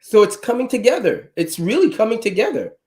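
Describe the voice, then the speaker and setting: A man's voice: high-pitched, big pitch swings, brisk, a little mellow. A middle-aged man from Trinidad with a Trinidadian accent, talking bluntly and emphatically as a guest in casual chat.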